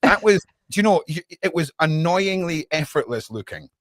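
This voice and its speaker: A man's voice: a little high, lively intonation, normal speed, fairly bright tone, dry recording. A man co-hosting a podcast in casual chat, talking bluntly and rambling with no filter. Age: adult, with a daughter. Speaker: podcast co-host.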